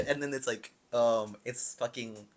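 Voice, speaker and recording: A young man co-hosting a podcast, talking in a relaxed, filler-heavy way and laughing often. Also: medium pitch, takes it slowly. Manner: laid-back, laughs often, trailing filler-heavy sentences. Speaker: podcast co-host. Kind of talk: casual chat.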